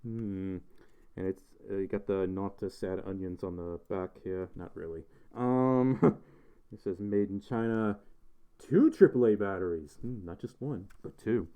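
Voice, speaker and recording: A man from Mississippi with a slight Southern accent hosts a casual livestream, reading chat comments aloud and rambling in a self-deprecating way, full of fillers. His voice sits low and a little slow with a clean tone, though the audio is narrow and tinny.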